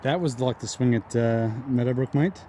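A man's voice: medium pitch, moderate pace. An Australian man bantering and teasing his playing partners during a round of golf, recorded outdoors. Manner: joking, teasing. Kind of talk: casual banter on a golf course. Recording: outdoor ambience with steady background noise.

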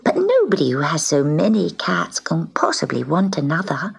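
A woman's voice: low voice, huge pitch swings, moderate pace, vocal fry, breathy edge, full character voice. A woman voicing a curious young male witch's kitten who asks polite, wondering questions.

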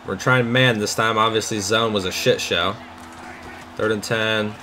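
A young man casually commentating his own football video game, swearing and shouting out loud at big plays. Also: on the low side, fairly even intonation, unhurried, a little hiss or hum. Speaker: gaming YouTuber. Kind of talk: live gameplay commentary.

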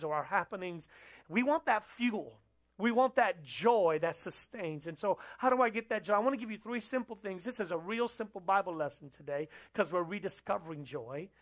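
Preaching a little fast at medium pitch, a pastor gives a sermon in church in a conversational style. Questions go out to the audience, and phrases get repeated for emphasis.

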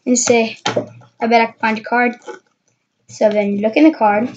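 A woman's voice: a little high, level tone, slow pace, long pauses. A woman casually demonstrating magic tricks in a rambling, hesitant way. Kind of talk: casual how-to tutorial. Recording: dull lo-fi with faint noise.

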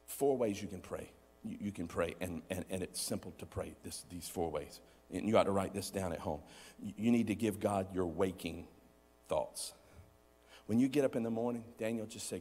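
Preaching to his congregation and inviting them to call back, a pastor alternates loud bursts with hushed, nearly whispered asides. His voice is low and husky at a normal pace, echoing with a long hall reverb.

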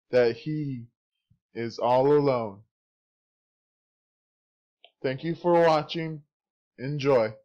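A man breathing heavily, narrating a game skit in a soft, halting way. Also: medium pitch, muffled recording. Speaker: video creator.

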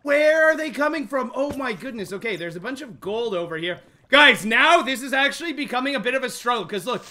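A young man streaming a game live, jumpy and excitable, talking straight to his chat. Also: extremely high pitch, fairly quick, few pauses. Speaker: gaming livestreamer. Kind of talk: live let's-play commentary.

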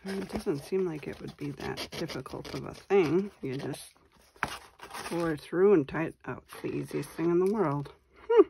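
In a casual craft tutorial, a papercraft host from Wisconsin, USA, a woman in her forties, chats along and talks to herself while working. She sits low in pitch at a normal speed, creaky yet mellow, with a little hiss or hum in the recording.

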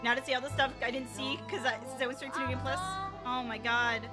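A woman with a high, bright voice talks through a video game live, excitable and quick to exclaim, swearing freely along the way. She speaks close into a desk microphone while the game's music plays clearly underneath. Her talk is loose and chatty, as if she is reacting to her viewers in real time. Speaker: streamer. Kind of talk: live gameplay commentary.

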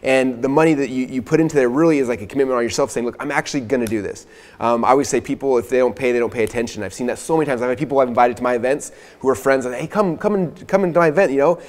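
A man presenting a course with an earnest, persuasive sales pitch, speaking to viewers directly. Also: rapid-fire. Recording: long echo of a large room.

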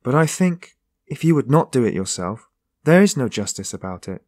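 A man's voice: medium pitch, big pitch swings, moderate pace, darkish tone. A man voicing an eager, argumentative young male student who speaks insistently. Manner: earnest, insistent.

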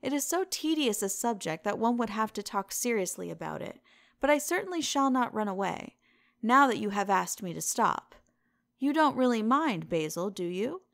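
A woman reading the lines of a witty, languid aristocratic gentleman in a storybook reading, in a teasing, drawling way. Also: fairly high pitch, sing-song, moderate pace, gravelly, no room sound.

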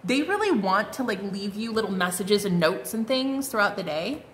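A woman's voice: medium pitch, animated, normal speed, a bit bright, a little hiss or hum. A woman giving a casual tarot card reading, chatty and bubbly, full of fillers and exclamations. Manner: chatty, bubbly, lots of "like" and "oh my God".

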